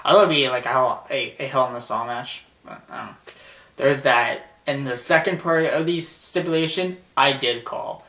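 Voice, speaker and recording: A man's voice: medium pitch, moderate pace, sharp tone, distant mic. A man casually recapping a wrestling show on his vlog, rambling with lots of laughter and restarts. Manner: rambling, laughs often, many fillers and restarts. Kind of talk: casual chat. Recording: roomy echo, set back from mic.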